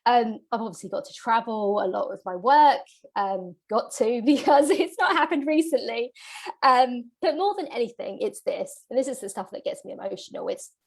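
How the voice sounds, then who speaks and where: A woman's voice: on the high side, expressive, moderate pace. A woman business coach giving an earnest, motivational masterclass, getting emotional as she talks. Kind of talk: live masterclass presentation.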